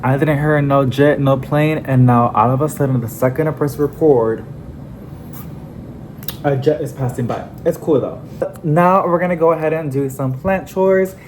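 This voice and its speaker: A young adult plant vlogger at home, chatting casually and rambling, with sudden excited squeals. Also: medium pitch, normal speed, slight background noise. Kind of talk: casual vlog chat. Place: home among houseplants.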